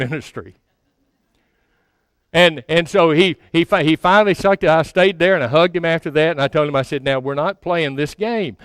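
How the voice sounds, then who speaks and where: A man's voice: fairly high pitch, clear, resonant tone, no room sound. A man in his sixties giving a sermon as a pastor, telling a story in a folksy, self-mocking way, often stammering and repeating words. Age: 60s.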